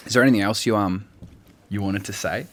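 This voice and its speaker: A man's voice: lowish voice, steady tone, brisk. A man, co-hosting a casual, jokey podcast chat. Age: 30s. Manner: laid-back, jokey, laughs often. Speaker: podcast co-host.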